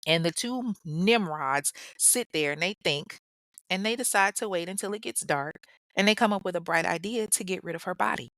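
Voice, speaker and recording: A woman's voice: fairly low pitch, moderate pace, fairly bright tone, no echo. A woman hosting a podcast, telling a true-crime story in a casual, blunt way, swearing and mocking the people in it. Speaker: podcast host.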